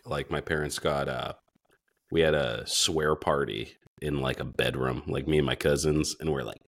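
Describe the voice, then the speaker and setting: Guest, man in his 40s: extremely deep voice, easygoing and a bit profane. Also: moderate pace, creaky. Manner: relaxed, swearing, storytelling. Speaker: podcast guest. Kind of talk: casual chat.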